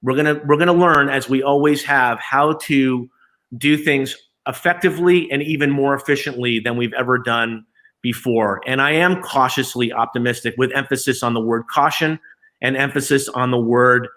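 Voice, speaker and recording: Speaking at normal speed in a mid-range, pushed, bright voice, an agency chief executive gives a live remote interview in a conversational style full of fillers and restarts.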